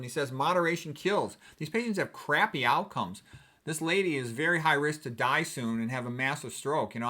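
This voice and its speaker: A middle-aged man, a physician, giving a blunt, emphatic talk on health that rises to forceful stresses. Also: fairly high pitch.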